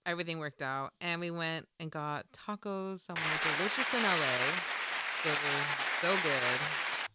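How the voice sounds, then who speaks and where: A woman's voice: sits low, unhurried, a loud crowd, very noisy. A young woman co-hosting a podcast, telling chatty personal stories in casual talk with plenty of swearing. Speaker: podcast co-host. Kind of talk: casual chat.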